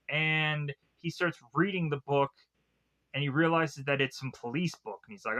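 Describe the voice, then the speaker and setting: A man's voice: on the high side, normal speed, bright, forceful tone. A man recapping a cartoon episode in a casual, rambling way, full of filler words. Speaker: cartoon reviewer.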